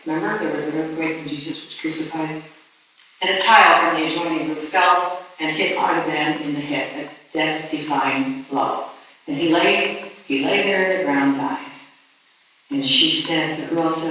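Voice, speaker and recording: A woman telling a story as a sermon in a church hall, animated and dramatic, often restarting her words. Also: sits low, measured pace. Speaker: speaker. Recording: echoey distant hall with faint noise.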